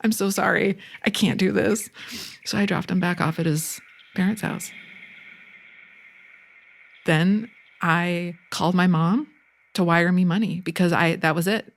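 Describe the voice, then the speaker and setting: A woman in her forties from Michigan tells a story as a podcast guest, in a relaxed, candid way. Her voice sits a little low, and she swears freely and laughs at her own mistakes. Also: moderate pace. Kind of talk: casual storytelling.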